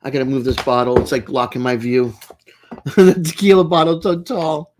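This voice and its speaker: A woman's voice: a bass voice, little pitch movement, moderate pace, darkish tone, a little hiss or hum. A woman hosting a casual livestream from home, giggly and teasing as she chats with her viewers by name. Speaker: livestream host. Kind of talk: casual chat with live viewers.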